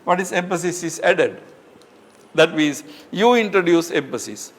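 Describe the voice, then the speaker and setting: Male professor, slightly raised pitch, patient step-by-step lecturing with frequent fillers. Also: expressive, measured pace. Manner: explains step by step with many fillers and rhetorical questions. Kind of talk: academic lecture.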